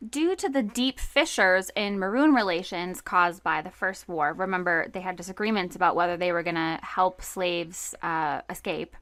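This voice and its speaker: A woman's voice: on the low side, normal speed, few pauses, a bit bright, dry recording. A woman co-hosting a history podcast, reading from notes in a casual way with fillers and asides. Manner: casual, reads notes then riffs with fillers. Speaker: podcast co-host. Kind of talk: conversational history podcast narration.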